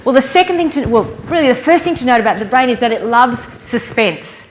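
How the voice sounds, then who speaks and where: Lively woman giving a keynote. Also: on the high side, fairly quick, a little hiss or hum. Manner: lively, playful storyteller who engages the audience. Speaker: keynote speaker. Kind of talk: conference keynote talk. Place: conference hall stage.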